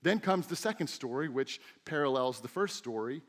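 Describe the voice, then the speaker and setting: A middle-aged man preaching a sermon as a teaching pastor, telling stories with lively, acted-out quotes. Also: medium pitch, moderate pace. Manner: animated storytelling with acted-out quotes. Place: church sanctuary.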